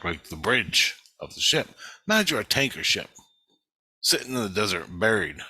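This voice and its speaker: A man's voice: lowish voice, pushed and bright. A man telling a personal story in a casual, rambling way, swearing a lot and restarting his sentences. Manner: rambling, profane, with frequent restarts. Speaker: vlogger recounting an astral travel experience.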